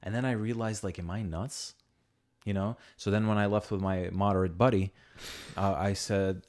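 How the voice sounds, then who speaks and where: A man's voice: deep voice, steady tone, moderate pace, a little mellow. A young man hosting a podcast, casually telling rambling stories with plenty of swearing, and acting out the people he quotes. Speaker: podcast host.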